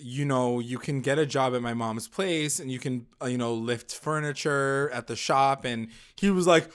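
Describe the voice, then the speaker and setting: A man co-hosting a podcast, recapping a reality show in casual chat, animated and quick to swear and mimic people. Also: medium pitch, smooth. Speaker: podcast co-host.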